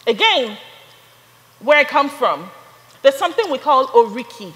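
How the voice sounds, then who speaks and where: A young adult woman preaching a sermon, building from storytelling to fervent, shouted praise. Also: high-pitched, very animated, a little slow, big-room sound, rough recording.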